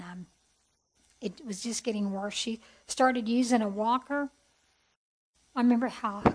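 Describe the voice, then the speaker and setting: A middle-aged woman telling her personal testimony in an earnest, heartfelt way, with soft hesitations. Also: on the high side, poor audio. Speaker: speaker sharing testimony.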